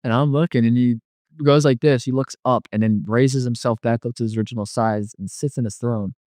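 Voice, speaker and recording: A man's voice: mid-range voice, steady tone, fairly quick, a little mellow, dry recording, clean studio sound. A man telling his near-death experience in casual testimony, rambling with many "like" fillers and quoting what was said to him.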